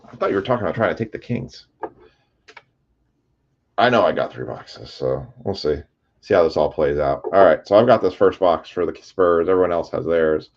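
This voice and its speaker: Card break host, male, low voice that swings wildly, excitable, muffled lo-fi stream sound. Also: normal speed. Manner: excitable, shouts over big pulls; chatty, reads player names aloud. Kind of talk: live card break commentary.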